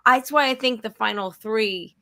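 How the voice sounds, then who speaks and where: A woman co-hosting a podcast, chatting in an animated way that is full of "like" fillers. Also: a little high, normal speed, gravelly, no room sound. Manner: animated, filler-heavy with frequent "like". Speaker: podcast co-host. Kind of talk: casual chat.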